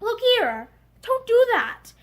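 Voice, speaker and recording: A woman's voice: high-pitched, sing-song, moderate pace. A woman voicing a proud, angry young man who speaks curtly. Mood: brusque. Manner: brusque, forceful.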